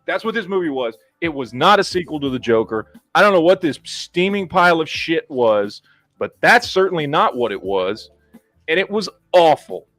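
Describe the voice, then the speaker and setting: A man's voice: on the high side, sing-song, normal speed, a bit bright, dry recording, soft background music. Podcast host, man, blunt and swearing ranter, dry close mic. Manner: blunt, profane, ranting. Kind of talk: casual podcast chat.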